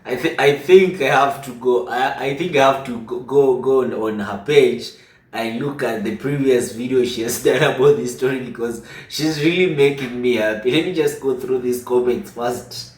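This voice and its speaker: A man's voice: medium pitch, normal speed, darkish tone. Man reacting from a roomy distance. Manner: stumbling restarts, reading comments aloud with chuckles. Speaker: host reacting to videos. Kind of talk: casual reaction commentary. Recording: roomy echo, distant from the mic.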